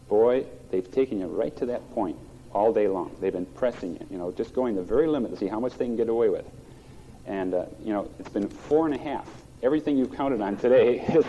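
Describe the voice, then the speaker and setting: A man's voice: fairly low pitch, warm tone, a little hiss or hum. A middle-aged man preaching a sermon as a pastor, plainspoken and folksy, recorded on an old muffled cassette.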